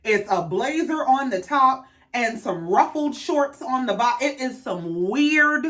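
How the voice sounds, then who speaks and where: Animated, sassy woman recapping reality TV. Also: high-pitched, a little slow. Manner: sassy, profane, animated storytelling with quoted voices. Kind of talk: casual recap commentary.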